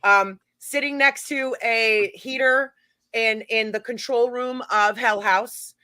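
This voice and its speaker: Brief: middle-aged woman guest, forceful, dry close mic, animated storyteller. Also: fairly high pitch, takes it slowly, smooth, no echo. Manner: animated, chatty anecdote-telling with laughs. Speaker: guest, paranormal event organizer. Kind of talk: casual storytelling chat.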